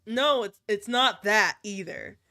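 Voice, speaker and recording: A woman voicing a flustered young male soldier, lowering her voice and stammering. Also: slow pace, pushed and bright, no echo, studio quality.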